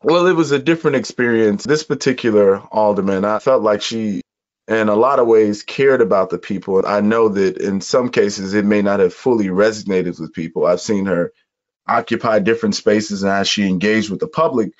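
Appearing as a guest in a conversation, a Chicago man tells personal stories in an earnest, reflective way, pausing in measured beats. His voice is on the low side, and the recording sounds dull and somewhat muffled.

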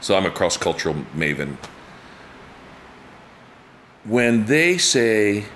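This male guest in his fifties is unhurried and leaves long pauses, yet stays animated, acting out quotes with big pitch jumps and laughing often as he tells stories in a casual chat. There's a little hiss or hum.

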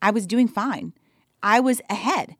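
A woman's voice: a little high, unhurried, no room sound, clean studio sound. A woman, an endurance athlete, telling her story as a guest in a podcast interview and acting out her own inner voice.

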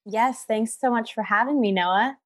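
A woman's voice: on the high side, normal speed. A young woman tells stories as a podcast guest. She talks in a bubbly, goofy way and laughs often. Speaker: podcast guest, app founder. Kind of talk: casual interview storytelling.

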